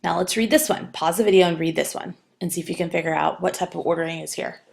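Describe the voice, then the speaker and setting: A woman with a low, gravelly voice teaches a writing lesson for video. She explains step by step, with the odd filler and restart. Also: fairly even intonation, quick pace. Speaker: writing instructor. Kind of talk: recorded video lecture.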